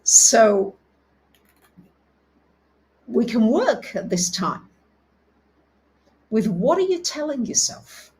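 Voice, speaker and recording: Woman, astrology host, soothing, slow unhurried delivery, soft low affirmations. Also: very animated, rough recording. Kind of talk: live-stream talk reading viewer comments.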